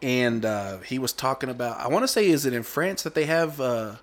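A man's voice: mid-range voice, fairly quick. A man, chatting on a podcast and telling stories animatedly, laughing at his own jokes. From Texas. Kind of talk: casual chat.

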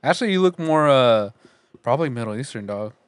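A man's voice: medium pitch, animated, a little fast, clean tone, dry recording. A man in casual chat who chimes in with short teasing remarks.

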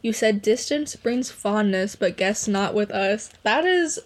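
A woman's voice: mid-range voice, lively intonation, measured pace, slight background noise. A young woman casually chatting about songs she loves, gushing and emotional, with lots of "like". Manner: gushing, emotional, heavy use of "like". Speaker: podcast host. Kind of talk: casual music review chat.

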